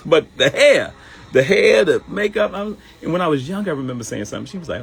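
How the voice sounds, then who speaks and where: A middle-aged man, a comedian hosting his own live show, telling stories in an animated, joking way. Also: a little high, fast talker, creaky, rough recording.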